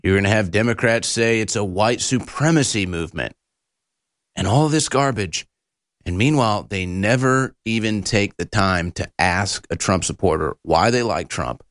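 A man's voice: fairly low pitch, normal speed, a bit bright, dry recording, clean studio sound. A man hosting a political commentary show, ranting in a combative, insulting and heated way.

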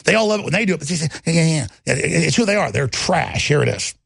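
A man's voice: a little high, big pitch swings, rapid-fire, gravelly, a bit bright, slightly rough, no echo. A man hosting a broadcast, giving heated, mocking political commentary with lots of insults. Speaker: host.

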